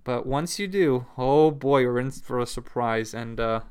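A man's voice: mid-range voice, a little slow, a little mellow, clear, resonant tone. A man at home talking casually to camera, rambling and swearing, full of fillers and restarts.

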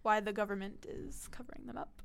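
A woman's voice: mid-range voice, steady tone, brisk, vocal fry, smooth. A teenage girl guesting on a casual radio chat, playful and jokey, laughing often. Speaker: guest co-host.

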